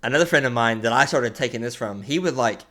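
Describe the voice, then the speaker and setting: A young man co-hosting a podcast in casual chat, talking in halting bursts with lots of restarts and easy laughter. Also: medium pitch, lively intonation, sharp tone. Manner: halting, many restarts and fillers, laughs easily. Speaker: podcast co-host.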